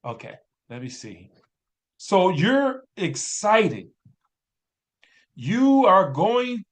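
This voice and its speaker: A man giving a motivational business training talk as a coach, energetic and preachy, talking to his team while drawing on a screen. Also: high-pitched.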